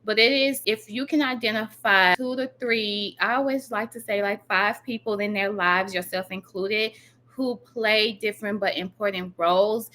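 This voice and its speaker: Bright-voiced woman giving earnest advice. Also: medium pitch, moderate pace. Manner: emphatic, earnest advice with eager agreement. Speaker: podcast guest, educator. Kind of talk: casual podcast conversation.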